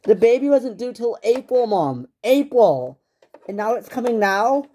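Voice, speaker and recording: A woman voicing a panicking young man about to become a father, frantic and high-strung in a toy-figure home drama. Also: very animated, a little slow, dark tone, husky, heavily acted.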